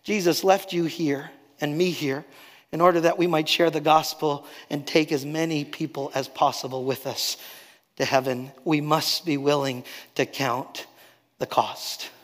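High-voiced preacher in a reverberant hall. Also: male voice, steady tone. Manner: preaches with a swinging dynamic range, dropping soft and slow to stress a point. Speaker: pastor. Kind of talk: sermon.

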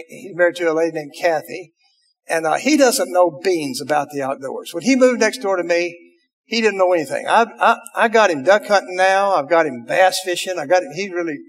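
An older man spins folksy outdoor yarns for a live crowd, drawling and chatty with plenty of "uh"s. His voice sits fairly high for a man and rings out with a long reverb from a big hall. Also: fairly bright tone. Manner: drawling, chatty, frequent "uh" fillers. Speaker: storyteller. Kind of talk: folksy storytelling to a live audience.

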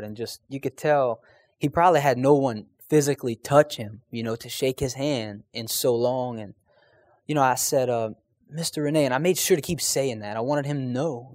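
A man's voice: mid-range voice, moderate pace, a little mellow, no room sound. A man telling a personal faith testimony in an earnest, conversational way, speaking straight to his listeners.

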